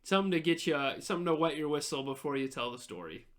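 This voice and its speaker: A man's voice: on the high side, fast, noisy background, lightly acted. A man doing a cheerful young innkeeper. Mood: kindly. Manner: warm welcoming folksy innkeeper talk. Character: friendly young male innkeeper, short, cheerful.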